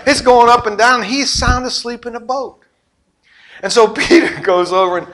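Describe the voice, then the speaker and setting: Middle-aged preacher guy, high bright voice, super animated, loud then quiet. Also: normal speed. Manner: animated storytelling, acting out voices and sound effects; swings between loud exclamations and quiet asides. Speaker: pastor. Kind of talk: sermon.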